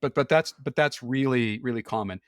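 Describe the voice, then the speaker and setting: A man's voice: mid-range voice, a little fast, dry recording, studio quality. A man talking candidly as a podcast guest, explaining things frankly with occasional laughs. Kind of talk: casual conversation.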